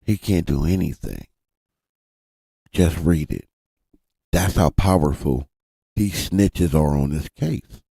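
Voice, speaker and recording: A man's voice: rumbling low, slow pace, gravelly, long pauses, breathy edge, no echo, studio quality. A man hosting a live stream, talking animatedly to his chat in a casual, profane way. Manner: animated, swears freely, addresses chat directly. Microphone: desk mic.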